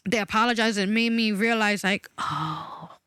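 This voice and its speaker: A woman's voice: medium pitch, moderate pace, a bit bright, clean tone, no echo, clean studio sound. A woman in her forties talking candidly and emphatically about a personal experience, swearing freely. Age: 40s. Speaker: guest.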